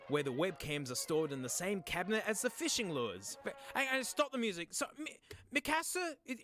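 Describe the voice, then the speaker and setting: A young South Australian man vlogging casually, joking and breaking into shouts as he browses a second-hand shop. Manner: animated, jokey, bursts into high shouting. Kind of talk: casual comedic thrift-shop vlog.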